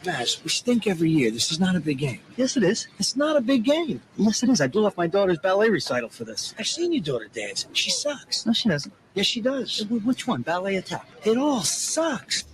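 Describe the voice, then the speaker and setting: A man's voice: high voice, huge pitch swings, fairly quick, hardly any pauses, a little hiss or hum, poor audio. An actor playing a grumpy, sarcastic male sports fan bickering in a comedy scene.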